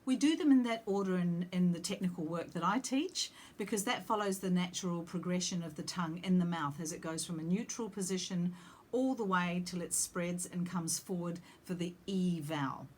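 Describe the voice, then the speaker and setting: A woman's voice: on the low side, normal speed, a little hiss or hum. A woman singing teacher explaining vowel shapes, breaking off to sing short demonstration vowels. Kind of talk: vocal lesson with sung demonstrations.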